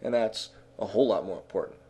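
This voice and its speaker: A man's voice: fairly low pitch, fast, warm tone, breathy edge. A man talking through music business advice in a casual, conversational way, with frequent fillers and restarts.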